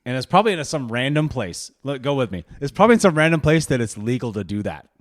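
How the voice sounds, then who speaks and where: A man's voice: mid-range voice, sing-song, quick pace, no room sound, clean studio sound. A man co-hosting a casual podcast, joking and teasing while he talks, laughing often. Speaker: podcast co-host. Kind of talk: casual chat.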